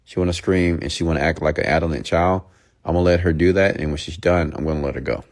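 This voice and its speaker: Deep-voiced man giving a blunt lecture. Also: fairly even intonation, fast. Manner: blunt, lecturing, often drops to a hushed near-whisper. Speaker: motivational speaker. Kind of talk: blunt motivational monologue.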